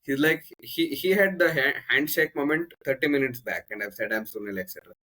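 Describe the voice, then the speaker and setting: A man with an Indian English accent tells a personal story on a podcast. His voice is bright and forward in tone. He rambles and backtracks, with plenty of fillers and restarts. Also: mid-range voice, fairly quick. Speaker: podcast guest, coach. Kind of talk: casual conversational storytelling.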